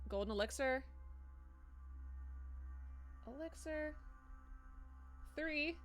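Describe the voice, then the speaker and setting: A woman streams a game live, chatting with viewers in a slightly high, bright voice. She swears freely and reads chat messages aloud between reactions. Faint game music plays behind her. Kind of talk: casual live-stream chat while gaming.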